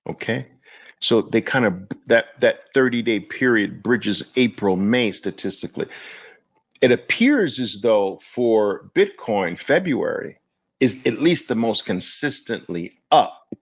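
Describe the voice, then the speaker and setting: A male host giving market commentary in an animated, exclamatory way. His pitch swings widely while he keeps an unhurried, drawn-out pace, often sounding incredulous.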